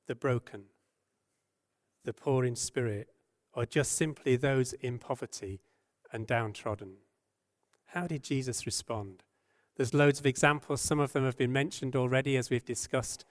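A man preaching a sermon, earnest and gentle, asking rhetorical questions and dropping his voice and slowing down when he quotes scripture. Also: mid-range voice. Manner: softens and slows when quoting scripture.

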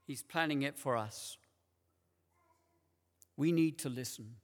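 A man preaching a sermon in a church, slow and deliberate, repeating key words for emphasis. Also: mid-range voice. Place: large church. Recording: long church reverb.

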